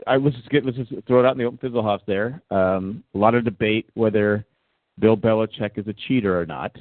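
A man's voice: on the low side, fairly quick, no room sound. A man hosts a casual sports talk show and rambles through his points with plenty of restarts. His voice comes across a dry, tinny, phone-like line. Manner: rambling, many restarts and fillers. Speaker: podcast host.

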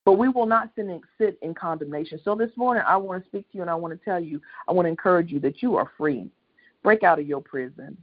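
Husky-voiced preacher, impassioned and repetitive, heard over a muffled phone line. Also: mid-range voice, quick pace. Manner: impassioned, repetitive, swells to loud peaks. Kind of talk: sermon on a prayer line.

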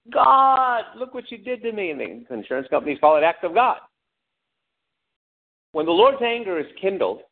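A man preaching a sermon with lively delivery, asking the congregation questions and acting out angry cries. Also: fairly high pitch. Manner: animated preaching, calls out to the congregation, acts out angry shouts. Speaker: pastor. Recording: tinny phone-like lo-fi sound.

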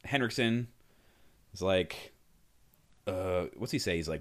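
A man's voice: low voice, unhurried, long pauses. A man co-hosting a casual movie podcast, animatedly retelling scenes and acting out lines. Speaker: podcast co-host.

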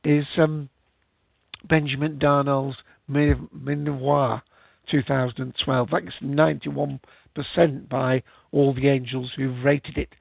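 Male host, rambling casual chat, gravelly fry, dry phone-like sound. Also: mid-range voice, little pitch movement, slow, no room sound. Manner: rambling, chatty, many fillers. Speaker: podcast host. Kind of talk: casual live-show chat.

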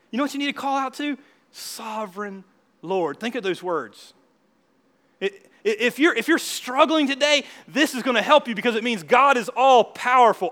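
A man preaches a sermon in a lively, conversational way, laughing along and pressing his points. His voice sits high for a man and rings with a bright, forceful edge. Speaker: pastor.

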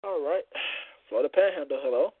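A man's voice: fairly high pitch, lively intonation, fast, slightly rough, dry recording. A man hosting a call-in show with casual, exclamatory, hyped banter. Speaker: host. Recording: phone line.

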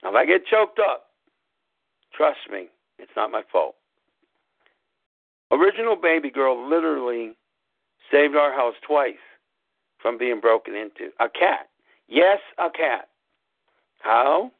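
A man hosting a show, telling a personal story in a slow, deliberate way and spelling things out letter by letter. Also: mid-range voice, very animated, dry recording. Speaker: podcast host. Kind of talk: casual storytelling monologue. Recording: tinny phone-like line, dry.

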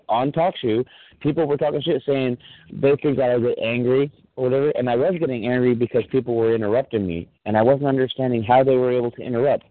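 A man's voice: mid-range voice, dry recording. Angry swearing man on a tinny phone line. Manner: angry ranting, heavy swearing. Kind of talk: heated phone chat.

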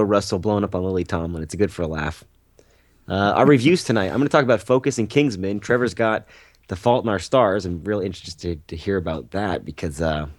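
A man's voice: on the low side, no room sound, clean studio sound. A man co-hosting a movie podcast, rambling and joking with sarcastic asides. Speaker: podcast co-host. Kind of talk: casual movie podcast chat.

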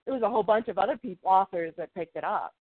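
A woman co-hosting a casual chat about comics, excitable and breaking into high squeals of glee. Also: rapid-fire, no room sound. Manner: excitable, bursts into high squeals of glee when retelling reactions. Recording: tinny phone-like line.

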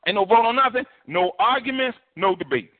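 A man's voice: high-pitched, fairly quick. A man preaching a sermon as pastor, colloquial and preachy. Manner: preachy, colloquial, animated with put-on voices. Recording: tinny phone-like broadcast audio.

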